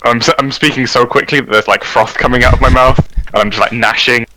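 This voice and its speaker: A man playing a tabletop game, excitable and quick to laugh. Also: mid-range voice, noisy background. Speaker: player. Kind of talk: tabletop role-play.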